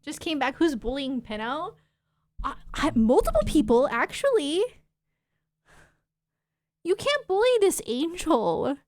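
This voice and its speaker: A woman's voice: high-pitched, sing-song, unhurried, pauses often, no room sound. A woman streamer chatting with her live chat, playfully mock-offended and laughing often. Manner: soft baby talk to her dog.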